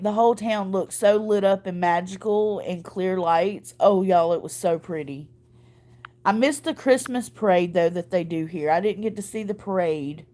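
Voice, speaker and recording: A woman's voice: fairly low pitch, warm tone. Choked-up woman chatting. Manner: chatty, rambling, folksy. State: choked up from crying. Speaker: vlogger. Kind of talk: casual chat to viewers.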